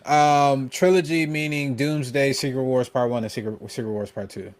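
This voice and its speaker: Male podcast co-host, steady matter-of-fact reader, mid-range voice. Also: medium pitch, moderate pace. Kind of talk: casual podcast chat, reading out an article and Q&A.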